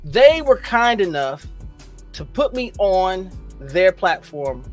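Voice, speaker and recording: A man hosts a livestream in an exuberant, hyped way, dropping into hushed asides between bursts of shouting. His voice sits high and leaps all over. Faint music plays behind him. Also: big pitch swings, slow pace. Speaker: host. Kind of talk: energetic livestream chat.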